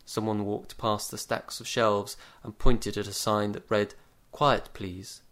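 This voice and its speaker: A man narrating a comic short story in a dry, measured deadpan. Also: lowish voice. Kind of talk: story reading.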